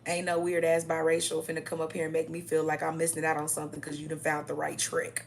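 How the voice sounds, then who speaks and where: Blunt, profane woman with a gravelly low voice. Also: completely flat delivery, quick pace, noisy background. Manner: repeats "okay?" as a tag. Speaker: vlogger. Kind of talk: ranting monologue to camera.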